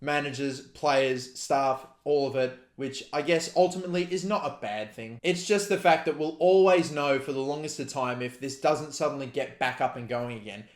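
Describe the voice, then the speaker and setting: A man's voice: medium pitch, normal speed, hardly any pauses. A young Australian man with an Australian accent, ranting furiously with heavy swearing. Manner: furious, profane, heated ranting. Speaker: football fan vlogger. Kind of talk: angry rant to camera. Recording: roomy echo.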